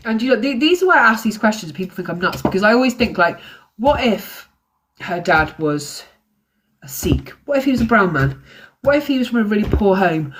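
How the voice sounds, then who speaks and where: A woman's voice: medium pitch, animated, a little fast. A woman hosting a true crime livestream, talking in an angry, ranting way. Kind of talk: live-stream commentary.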